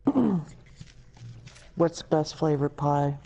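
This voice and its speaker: A woman's voice: low-pitched, little pitch movement, takes it slowly, mellow, slight background noise, rough recording. A woman co-hosting a casual podcast chat, teasing and incredulous, rattling off long lists.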